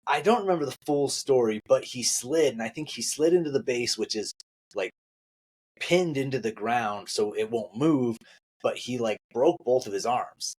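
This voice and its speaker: A man co-hosting a podcast, retelling family stories in casual chat, laughing and throwing his voice high for quotes. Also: expressive, moderate pace, a little mellow, slightly rough. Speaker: podcast co-host.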